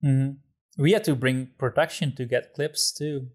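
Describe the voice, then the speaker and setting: Mid-pitched man hosting a podcast. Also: steady tone, a little slow. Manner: steering the talk, agreeable, with frequent laughs and fillers. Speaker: podcast host. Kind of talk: casual podcast chat.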